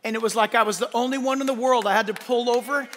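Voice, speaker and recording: A man preaching a sermon with a high, bright, forceful voice. He swings between loud emphatic shouts and soft asides. The sound rings with long reverb from a large church sanctuary. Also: steady tone, fast talker, slight background noise. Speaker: pastor.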